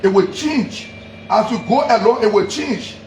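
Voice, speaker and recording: A man with a Liberian English accent giving a heated, accusatory public address, repeating himself and sometimes shouting. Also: high-pitched, unhurried. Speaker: politician. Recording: echoey room, faint background noise.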